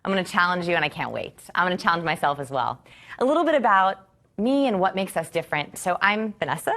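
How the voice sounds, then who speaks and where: A woman in her thirties teaching a course to a live audience, enthusiastic and expressive, asking rhetorical questions. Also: lowish voice, fast. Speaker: course instructor.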